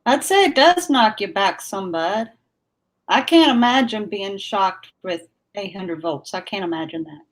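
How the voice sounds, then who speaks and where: A woman's voice: medium pitch, lively intonation, measured pace. A woman hosting a casual live stream, chatting with viewers and laughing often. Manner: laughs often, drawls words out. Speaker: livestream host chatting with viewers.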